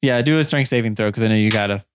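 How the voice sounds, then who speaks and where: A man's voice: on the low side, very fast, a little hiss or hum. A man narrating as game master of a tabletop game, loose and playful, laughing often.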